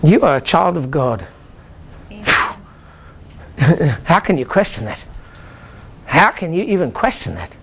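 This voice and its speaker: Animated older man leading seminar chants. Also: fairly high pitch, normal speed, creaky, slight background noise. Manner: animated, exclamatory, leads the crowd in call-and-response chants. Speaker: chiropractor giving a seminar talk. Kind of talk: motivational seminar talk. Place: lecture room with a live audience.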